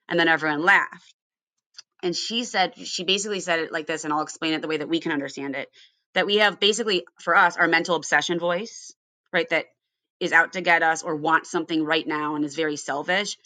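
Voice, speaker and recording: A woman's voice: on the low side, a little fast, bright, forceful tone, no room sound. A woman from Ohio hosting a casual recovery podcast, earnest and storytelling, often asking her guests questions. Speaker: podcast host.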